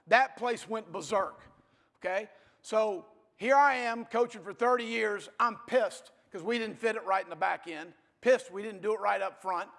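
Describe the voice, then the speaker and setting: A man's voice: high-pitched, normal speed, vocal fry, fairly bright tone. A man, a football coach giving a blunt, folksy motivational speech to an audience. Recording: reverberant hall.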